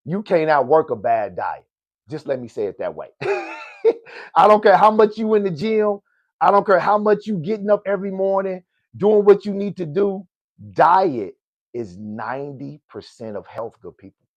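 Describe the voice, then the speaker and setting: Middle-aged guy preaching about life to his listeners, kinda high voice, dry close mic. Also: lively intonation, moderate pace, dry recording, muffled recording. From Oklahoma, US. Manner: preachy, repeats "good people" and "right?". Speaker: podcast host. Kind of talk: motivational personal talk.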